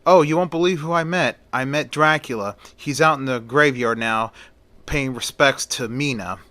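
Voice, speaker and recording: An eager, cheerful young woman, voiced by a man retelling a story. She speaks brightly and with quick enthusiasm, recorded dry and close. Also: mid-range voice, no room sound, lightly acted.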